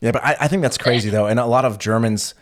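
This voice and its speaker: A man hosting a casual chat, opinionated and steering the topics. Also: medium pitch. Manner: fast, opinionated, steers the talk. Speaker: podcast host. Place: Berlin.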